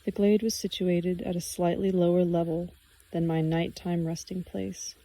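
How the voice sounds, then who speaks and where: A woman narrating a first-person audiobook in a calm, even storytelling manner. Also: lowish voice, normal speed, dry recording, rough recording.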